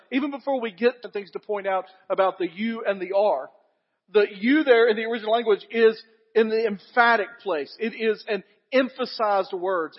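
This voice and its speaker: A man's voice: sits high, husky, in a large hall, dull audio. A man preaching a sermon, earnest and emphatic, stacking repeated phrases and putting questions to the congregation. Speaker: pastor.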